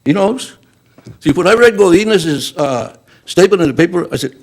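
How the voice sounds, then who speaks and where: A man's voice: high-pitched, expressive, normal speed, a little mellow. An older man speaking in public comment at a school board meeting, upset and emphatic, apologizing for speaking so strongly and running out of breath.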